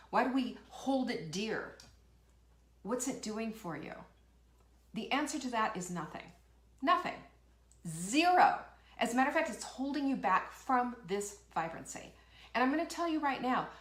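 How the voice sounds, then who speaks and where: In an echoey room, a woman whose voice sits a little high hosts a live motivational show. She's emphatic and energized, firing rhetorical questions and laughing as she reads out comments from viewers.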